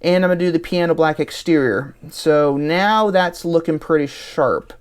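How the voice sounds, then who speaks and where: Casting: male host, smooth clear voice, relaxed think-aloud voice-over. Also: a little high, normal speed. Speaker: channel host. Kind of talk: casual voice-over walking through an online car configurator.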